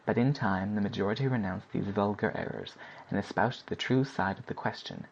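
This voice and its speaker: A man narrating a classic novel as an audiobook in a steady, even reading. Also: lowish voice, brisk, vocal fry, a little hiss or hum. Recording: dull lo-fi recording.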